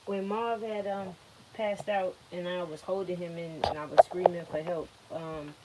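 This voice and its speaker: A woman with a notably low voice tells a personal story in a blunt, animated way. Her speech is profane and direct, and she relives the moment as she talks. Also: normal speed, very noisy. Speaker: guest telling her story.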